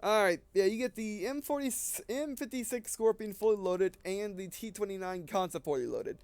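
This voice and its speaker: A man's voice: sits high, expressive, moderate pace, a little mellow, smooth, dry recording. A man giving casual, rambling gameplay commentary while short of breath, often restarting and correcting himself. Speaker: gaming video creator.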